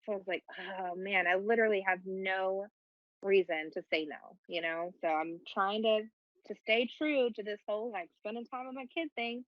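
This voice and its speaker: Young woman on a podcast, animated storyteller, swears a lot, kinda muffled dry audio. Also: medium pitch, moderate pace, dry recording. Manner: animated, profane, self-mocking storyteller. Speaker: podcast co-host. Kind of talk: casual storytelling chat.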